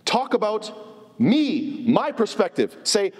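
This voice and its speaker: A man giving an informal religious lecture, animated and asking his listeners rhetorical questions. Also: high-pitched, brisk, slightly rough. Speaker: Islamic teacher. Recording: long hall reverb.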